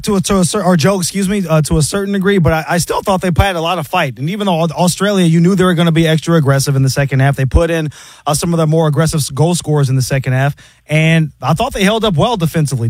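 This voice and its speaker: A man with a slightly high voice co-hosts a radio show, talking fast and briskly. The studio sound is dry and close. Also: a little mellow, dry recording. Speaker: radio co-host. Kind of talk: casual talk radio.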